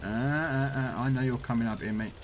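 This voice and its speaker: A man's voice: mid-range voice, a little fast, slight background noise. A man chatting casually while streaming a tank game, laughing at his own stories. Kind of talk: casual gameplay commentary.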